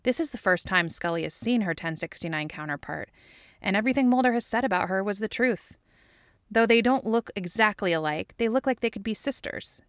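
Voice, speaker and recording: A woman reading a fan fiction story aloud with wry, even storytelling. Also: medium pitch, brisk, dry recording, clean studio sound. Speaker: audiobook reader.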